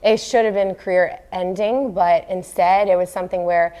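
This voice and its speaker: A woman's voice: lowish voice, normal speed. Earnest woman in an interview. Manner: earnest and animated, with frequent fillers. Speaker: guest, former professional triathlete. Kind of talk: casual interview talk.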